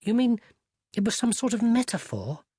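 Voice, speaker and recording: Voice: mid-range voice, sing-song, moderate pace, warm tone, husky, no echo, clean studio sound, pitched above the performer's own voice. A reader voicing a polite, earnest young boy who speaks in a posh and deferential way. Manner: polite and deferential, says sir.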